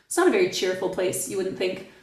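A middle-aged woman talks in a lively, playful way as a podcast guest. Her voice sits at a middle pitch. It reaches the mic from a few feet back in an echoey room. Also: quick pace, far from the mic. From Canada. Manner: animated, playful storyteller. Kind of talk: casual podcast conversation.

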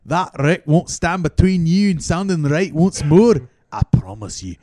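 A man's voice: fairly high pitch, lively intonation, a little slow, warm tone. A man playing a mopey male tennis star who has lost his Scottish accent, lamenting it in a mock-dramatic way.

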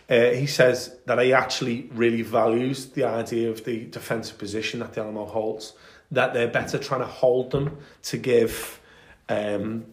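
A man in the middle of his range recounts battles with eager, rambling enthusiasm, dotting his talk with ums. His voice rings a little in an echoey room. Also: mid-range voice. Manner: enthusiastic storytelling with many fillers. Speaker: podcast co-host. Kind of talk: casual history chat.

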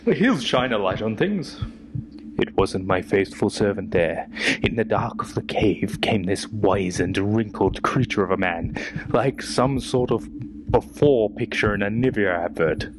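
A man narrates a comedy adventure in the voice of a self-important explorer who trips over his words. The voice sits lowish, and clear noise runs under it. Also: lively intonation, measured pace. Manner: pompous, stammering adventurer. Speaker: comedy podcast host. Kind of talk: comic first-person narration.

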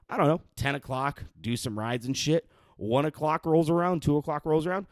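A man's voice: medium pitch, lively intonation, normal speed, no room sound. A young man delivering a profane, rambling rant in a casual monologue, exasperated and sweary. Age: young adult. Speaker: vlogger ranting.

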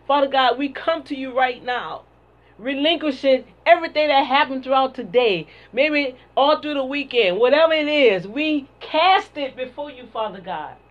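A woman's voice: sits high, expressive, normal speed. A woman preacher delivering a sermon and prayer in a fervent, repetitive cadence, on a dull lo-fi recording. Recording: dull lo-fi sound.

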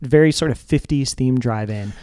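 A man's voice: mid-range voice, moderate pace, no echo, clean studio sound. A young man co-hosting a music video countdown in casual, joking chat, laughing often. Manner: lively, jokey, laughs often.

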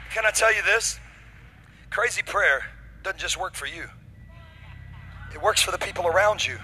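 A man preaching from the pulpit, his voice high and strikingly bright. He delivers the sermon with dramatic energy, acting out little scenes, and a faint hum of noise sits under the recording. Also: moderate pace, long pauses, rough recording. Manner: energetic, dramatic, acts out stories. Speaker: pastor. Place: church.

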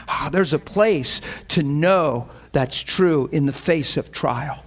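A man preaching a sermon with impassioned, climbing delivery, acting out his own inner voice and building to near shouts. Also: fairly high pitch, fairly even intonation, measured pace, hardly any pauses.

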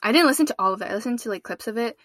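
A woman's voice: on the high side, lively intonation, very fast, fairly bright tone. Giggly young woman with short replies. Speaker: podcast co-host. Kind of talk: casual chat.

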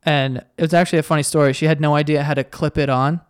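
A man's voice: fairly high pitch, steady tone, fast, clear, resonant tone, dry recording, clean studio sound. Rambling young male podcast host. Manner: rambling, self-deprecating, voice cracking. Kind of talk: casual solo podcast chat with ad read.

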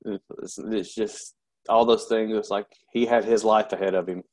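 During an interview, a veteran opens up about a painful chapter of his life, his steady, lowish voice breaking off into pauses and restarts while he remains candid.

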